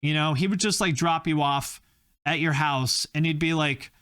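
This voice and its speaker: A man's voice: a little high, moderate pace, fairly bright tone, clean tone, no echo, studio quality. A man hosting a YouTube channel, rambling through a joking, casual commentary full of tangents. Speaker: YouTube host.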